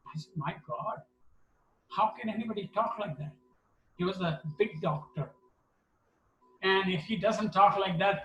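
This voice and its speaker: A man, telling stories at a devotional gathering and acting out the quotes in lively voices. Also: on the high side, slight background noise. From India. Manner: animated, acts out quotes with voices. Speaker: satsang speaker. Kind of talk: storytelling talk. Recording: echoey room, from a distance.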